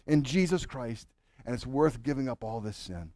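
A married man preaching a sermon to his congregation, swinging from loud urging to hushed, earnest questions. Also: medium pitch, expressive, moderate pace, no echo, studio quality. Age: adult, married with children. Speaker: pastor.

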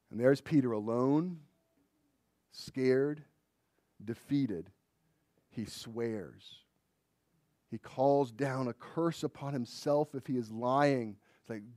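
A man preaching a sermon in a dramatic way, dropping to a hush and then rising to loud emphasis. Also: mid-range voice, slow pace, long pauses, no echo, studio quality.

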